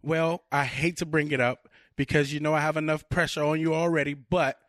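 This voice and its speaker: A man's voice: steady tone, fairly bright tone, no room sound, clean studio sound, close to an everyday voice. A man reading the part of an anxious, exasperated woman fiancée in a comedic scene reenactment. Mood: frantic. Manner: high, fast, pleading complaints.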